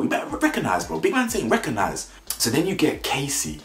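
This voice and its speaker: Ranting about a reality show, this man is blunt and derisive, mimicking the cast in high voices. His pitch swoops wildly, his pace is brisk and his tone fairly bright, in a roomy-sounding space.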